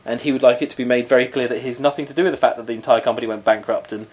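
A man's voice: medium pitch, fairly even intonation, very fast, a little mellow. Man, podcast co-host, casual chat, laughs often, mock-indignant asides.

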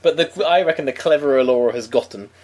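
A man's voice: medium pitch, fast talker, a little mellow. A man co-hosting a podcast in casual chat, bantering and laughing often. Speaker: podcast co-host.

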